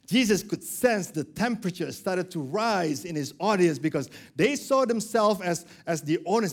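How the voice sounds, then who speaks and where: A man's voice: sits high, normal speed, hardly any pauses. A male pastor preaching a sermon, acting out the characters of a parable. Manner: animated, acts out characters.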